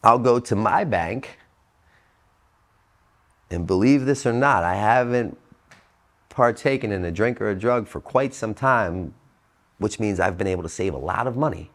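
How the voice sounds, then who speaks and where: Blunt, profane man giving a recovery talk. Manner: blunt, profane, emphatic with sudden swings in pitch and loudness. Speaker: motivational speaker. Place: treatment center talk.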